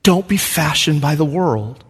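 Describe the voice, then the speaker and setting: A man's voice: a little high, lively intonation, a little slow, husky, big-room sound. A man preaching a sermon. He talks earnestly and repeats questions for emphasis. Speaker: pastor.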